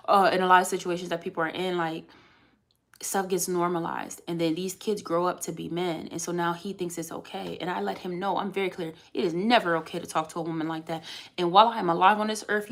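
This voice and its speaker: A woman in her thirties, a mother of three, venting in a candid, emphatic and rambling way on a casual vlog. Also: fairly low pitch.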